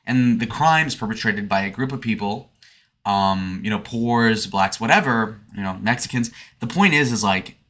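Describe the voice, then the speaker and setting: A man's voice: lowish voice, moderate pace, a bit bright. A man in his twenties from Michigan, streaming a casual, rambling monologue in a provocative, sarcastic manner. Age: 20s.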